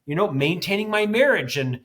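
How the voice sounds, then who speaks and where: A man's voice: high voice, expressive, fairly quick, a bit bright. A man in his fifties, a podcast guest, talking intensely and animatedly with self-deprecating humor. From United States. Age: 50s. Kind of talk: podcast interview.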